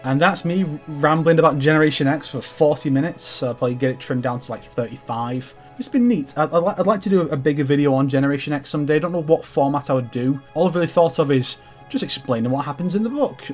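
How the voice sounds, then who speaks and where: A man's voice: a little high, fast talker, faint music behind. A young man chatting casually and enthusiastically about his comic collection, swearing freely and tripping over restarts. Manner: enthusiastic, profane, rambling with many restarts. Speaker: comics vlogger. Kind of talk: casual rambling collection show-and-tell.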